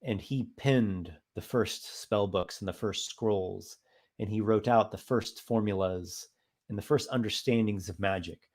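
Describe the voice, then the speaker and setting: A man's voice: lowish voice, unhurried, darkish tone. A man hosting his monthly live stream, reading out viewer comments and chatting casually with many fillers. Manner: rambling, thoughtful, many fillers.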